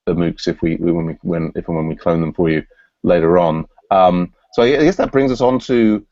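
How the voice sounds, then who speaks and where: A man's voice: low-pitched, normal speed, warm tone, no echo, lo-fi sound. A man hosting an online work meeting, thinking aloud with frequent restarts and fillers. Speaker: meeting host. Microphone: video call.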